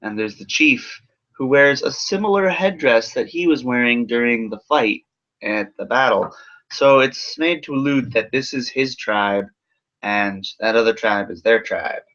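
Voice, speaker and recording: A man's voice: medium pitch, measured pace, fairly bright tone. A man giving a casual, rambling film review full of sarcasm and swearing. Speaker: movie reviewer. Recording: dull lo-fi recording.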